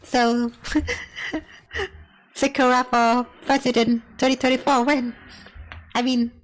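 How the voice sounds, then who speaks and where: A woman's voice: high voice, fairly even intonation, slow pace, faint music behind, poor audio. A woman streamer chatting casually while reacting to cartoon episodes, laughing and often saying not gonna lie. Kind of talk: casual live-stream chat.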